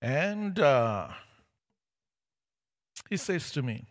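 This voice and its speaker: A man preaching a personal testimony to a church audience, telling it as a story and building to loud, emphatic peaks. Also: medium pitch, big pitch swings, drawn-out words. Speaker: preacher sharing his testimony. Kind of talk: sermon testimony.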